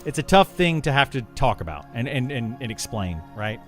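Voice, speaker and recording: A man talks casually to his stream chat, circling back and repeating words as he works through a point. His pitch sits in an ordinary middle range for a man. Faint music plays quietly behind him. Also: very animated, moderate pace. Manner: rambling, repeats words and restarts while explaining.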